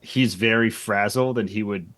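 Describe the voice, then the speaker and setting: A tabletop player with a lowish voice, describing his character in a loose way full of "like" and "just". It comes across as an offhand table chat. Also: normal speed, a bit bright. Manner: loose, filler-heavy. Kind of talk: narrating actions in a tabletop game.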